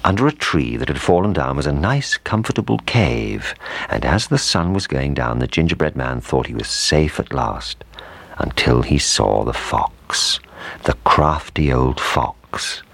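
A man reading a children's storybook aloud, in an animated, expressive way. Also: rumbling low, measured pace, vocal fry, no echo. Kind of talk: storybook narration.

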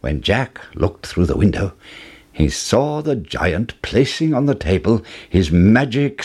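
A male narrator reads a fairy tale aloud slowly and with feeling, in a low, husky voice. His pitch rises and falls widely as he tells the story. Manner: expressive, dramatic read-aloud. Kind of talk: storybook reading.

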